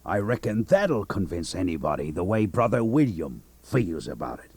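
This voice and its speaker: A man's voice: low voice, very animated, normal speed, darkish tone, breathy edge, no echo, heavily acted. An actor playing an old male swindler, who fakes grief in a theatrical, preaching manner in a radio drama. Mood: pompous. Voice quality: pompous, theatrical preaching delivery. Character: old male swindler posing as a grieving English brother.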